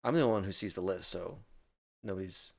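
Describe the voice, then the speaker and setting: A man with a low, gravelly, slightly dark voice talks at a normal speed while chatting casually on a charity game stream. He's effusive and laughs often as he works through the giveaway list.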